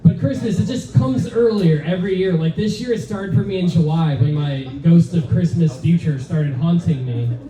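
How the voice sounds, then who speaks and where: Man, stand-up comic, deadpan, halting, mellow voice, roomy far-off sound. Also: a little high. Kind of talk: stand-up set. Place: comedy club, open mic. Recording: echoey room from far off. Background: audience laughter.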